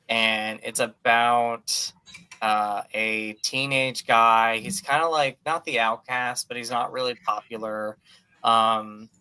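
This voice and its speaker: A man co-hosting a podcast, chatting casually about movies in an animated, gushing way with lots of fillers. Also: medium pitch, clear, resonant tone. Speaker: podcast co-host.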